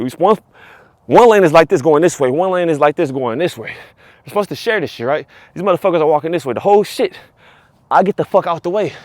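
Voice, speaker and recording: A man rants on his vlog, talking fast and swearing freely as his story tumbles out. His voice sits fairly high for a man. It is recorded close and dry, with no room sound around it. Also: no echo. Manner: profane, animated, repeats himself. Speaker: vlogger. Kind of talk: casual storytelling rant.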